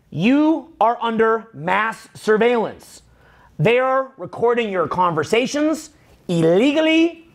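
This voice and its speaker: Loud, profane, fast-swinging coach. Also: male voice, high-pitched, gravelly. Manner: animated, swearing, bursts into shouted quotes. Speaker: dating and social skills coach. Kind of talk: profane motivational rant.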